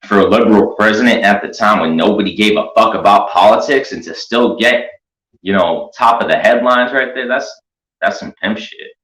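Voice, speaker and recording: A man's voice: on the low side, normal speed, a bit bright. A man hosting a commentary show, rambling through a crude, mocking, profane rant. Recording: echoey room.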